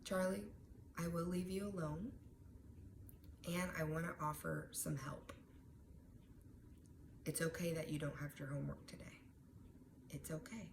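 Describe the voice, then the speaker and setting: A kind, steady schoolteacher , as a woman puts her on, speaks low and hushed to calm an upset pupil. Her voice is deep for a woman and unhurried. It rings in an echoey room with steady background noise. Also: creaky. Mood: soothing. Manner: soft, slow, soothing and hushed.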